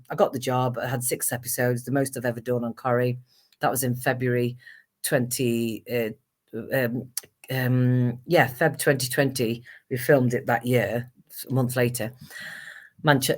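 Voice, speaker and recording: A middle-aged woman, a guest actress and singer telling her story candidly and emphatically. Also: a bass voice. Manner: animated and emphatic, acts out past conversations.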